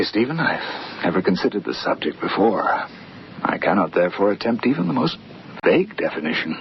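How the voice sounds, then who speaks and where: An actor in a radio drama playing a refined gentleman, speaking in a polished, lyrical way. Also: low voice. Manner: polished, lyrical, slightly teasing. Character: refined, reflective young gentleman narrator. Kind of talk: 1950s-style BBC radio drama acting. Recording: dull lo-fi radio recording with faint hiss.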